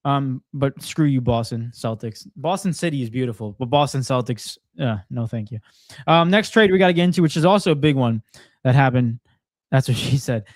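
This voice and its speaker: A man co-hosting a casual sports chat, opinionated and confident, talking in quick bursts. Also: mid-range voice, expressive, no room sound. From Portuguese heritage. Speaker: co-host.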